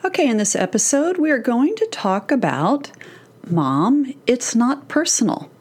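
A woman's voice: on the high side, sing-song, unhurried, a little mellow, breathy edge. A middle-aged woman hosting a solo parenting podcast, talking directly and encouragingly to mothers.

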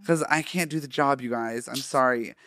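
Low-voiced jokey young woman. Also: a crowd in the background. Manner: quick, jokey, slangy. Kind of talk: casual podcast chat.

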